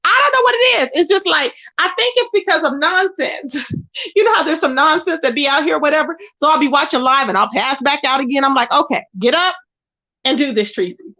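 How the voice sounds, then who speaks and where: A woman hosting her own livestream, venting indignantly with a high, bright voice. She repeats her points and calls people out by name. She sounds tired as she goes on. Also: fairly quick. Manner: indignant, repetitive, calling out by name. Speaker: livestream host. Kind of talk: ranting live stream commentary.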